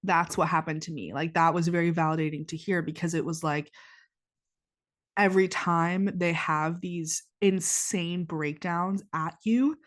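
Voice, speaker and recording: 20 y/o girl podcasting, lower voice, stuffy nose, rambles w lots of like. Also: steady tone, measured pace. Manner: rambling, heavy use of "like", frequent restarts. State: stuffy nose after crying. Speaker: podcast host. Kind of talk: casual confessional chat. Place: indoors, warm room.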